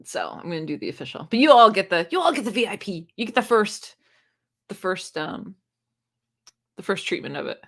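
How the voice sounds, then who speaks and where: A woman's voice: medium pitch, sing-song, a little fast, creaky. Giggly, chatty woman hosting a live stream. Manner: giggly, chatty, often laughs and restarts. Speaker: booktube live-stream host. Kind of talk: casual live-stream chat, reading comments aloud.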